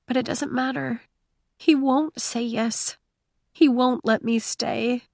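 Storybook young woman, high, hushed, sorrowful; voiced by a woman narrator. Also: fairly even intonation, slow pace, creaky, dry recording, clean studio sound, full character voice. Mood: sad.

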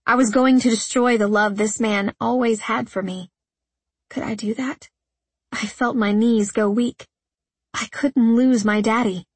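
A woman narrating a first-person audiobook in an earnest, emotional tone. Her voice sits a little high and has a husky, breathy grain. The recording is close and dry. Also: steady tone, a little slow, no echo.

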